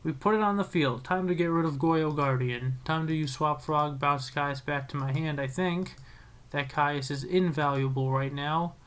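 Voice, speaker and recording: A young man casually commentating his own card game match, excitable and self-critical, with frequent restarts. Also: on the high side, moderate pace, clear, resonant tone.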